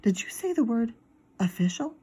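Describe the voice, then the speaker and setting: High bossy little schoolgirl voice for a storybook, as a woman puts her on, blunt and stubborn. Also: very animated, moderate pace, warm tone, breathy edge, exaggerated voice. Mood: earnest. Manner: blunt, matter-of-fact and stubborn. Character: spunky bossy little girl in first grade.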